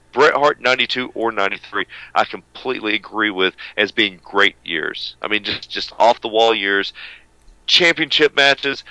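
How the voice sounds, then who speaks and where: A man's voice: lowish voice, sharp tone, no echo, poor audio. A man co-hosting a wrestling radio show, talking in a brash, profane, rambling way. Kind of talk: casual uncensored radio banter.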